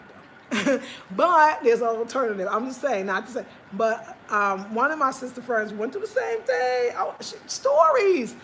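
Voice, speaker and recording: Chatty woman with a fairly high voice. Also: a little hiss or hum. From United States. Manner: chatty, rambling, emphatic. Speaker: vlogger. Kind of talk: casual chat.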